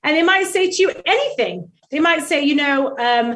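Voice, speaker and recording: High-voiced woman giving lively advice. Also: fairly quick, few pauses. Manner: lively, acts out quoted dialogue, rhetorical asides. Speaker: guest expert, rebbetzin. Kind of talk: animated talk-show advice.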